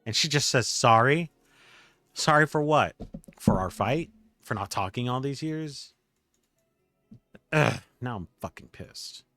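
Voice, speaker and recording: A man reading the lines of a weary young woman bartender in a game, with halting, stammering restarts. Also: on the low side, dry recording, faint music behind, natural voice. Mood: bitter. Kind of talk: game dialogue read aloud by a streamer.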